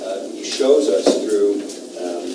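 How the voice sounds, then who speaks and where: A man's voice: on the low side, lively intonation, takes it slowly. A man teaching a class, asking questions in a conversational way, recorded on a far camera in a classroom. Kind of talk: classroom discussion. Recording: roomy room from far off, noisy.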